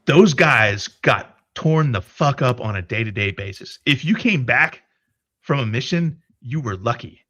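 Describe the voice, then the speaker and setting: A man's voice: mid-range voice, measured pace, no room sound, muffled recording. A man telling a story in a casual livestream chat, cursing freely and restarting his sentences as he goes. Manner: profane, animated retelling with many restarts. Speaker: podcast co-host.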